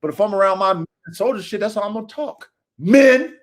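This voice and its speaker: A man with a high, light voice holds forth to his viewers in a blunt, combative monologue. His talk is full of cussing and sermon-like swagger, delivered off the cuff. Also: fast. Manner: aggressive, profane, preachy street talk. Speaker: show host.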